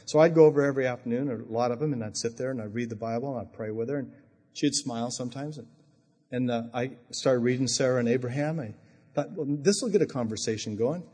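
A middle-aged man preaching a sermon, telling stories and swinging from quiet asides to loud, high emphasis. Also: quick pace, husky. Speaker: pastor. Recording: long hall reverb.

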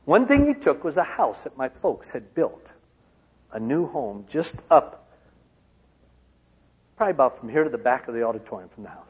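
A man from Michigan giving a personal testimony to an auditorium, swinging from loud outbursts to hushed lines. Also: mid-range voice, big pitch swings, normal speed, long pauses, husky. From Michigan, USA. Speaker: speaker. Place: large auditorium. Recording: long hall reverb.

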